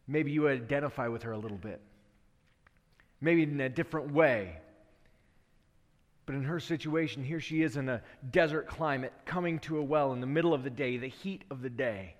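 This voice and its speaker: A man's voice: medium pitch, normal speed, long reverb tail. A male preacher delivering an earnest sermon that tells a story and asks rhetorical questions, in a church.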